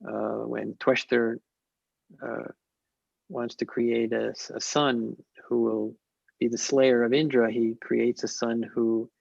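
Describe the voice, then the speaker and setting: Lecturing in an academic webinar, a man with a gravelly, mid-range voice answers questions slowly and carefully, often pausing, restarting, and using many fillers. His delivery is flat and a little mellow, and his voice sounds dry and close, with no echo, over muffled video-call audio.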